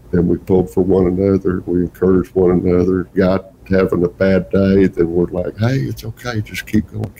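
An older Texan-accented man, a guest Santa performer, tells folksy, rambling stories with chuckles in a casual interview. His voice sits low and is creaky and warm, and the rough recording has a little hiss or hum.

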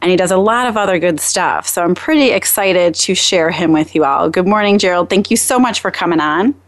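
Upbeat podcast host, woman, slightly low voice, dry close recording. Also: fairly quick, no room sound. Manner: upbeat, laughs often. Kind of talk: casual podcast interview.

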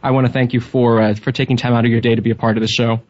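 A man's voice: medium pitch, little pitch movement, rapid-fire, a little mellow, no echo, highs cut off. A man hosting a live radio show, upbeat and courteous with his guests. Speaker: host.

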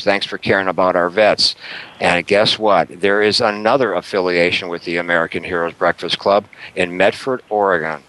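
A man's voice: low-pitched, a bit bright, rough recording. A man hosting a talk radio show in a chatty, upbeat way, with plenty of fillers and small laughs.

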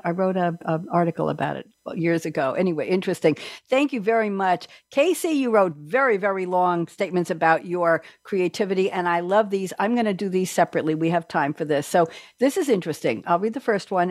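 Woman, host, middle-aged, low-ish voice, dry sound, reads quotes slowly, animated asides. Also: dry recording. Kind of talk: group discussion on creativity.

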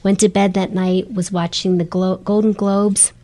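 A woman's voice: mid-range voice, little pitch movement, moderate pace, mellow. A middle-aged woman, a guest in an interview, telling her stories earnestly and with animation. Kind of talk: storytelling interview chat.

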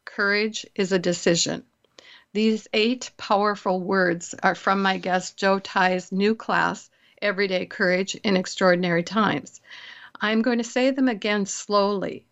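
A woman hosting a radio talk show, chatting casually with fillers and slowing down for emphasis. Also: mid-range voice, steady tone, fairly bright tone, highs cut off. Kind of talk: casual chat and scripted intro.

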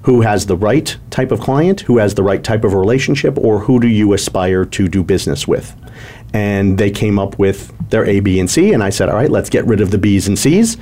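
A man's voice: on the low side, expressive, moderate pace, mellow. A man who advises businesses, laying out a client case step by step in a casual chat. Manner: methodical, case-study telling. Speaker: business consultant guest.

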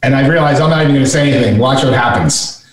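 A man's voice: medium pitch, fast talker. A middle-aged man, a guest author, telling a story in conversation and animatedly acting out the voices he quotes. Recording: echoey room, voice from far off.

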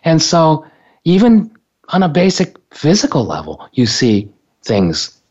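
A man's voice: a little high, huge pitch swings, a little slow, darkish tone, slightly rough. Hesitant man telling a story, dull sound. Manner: rambling, hesitant, frequent restarts and "uh". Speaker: guest telling a personal story. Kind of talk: casual storytelling. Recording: dull lo-fi recording.

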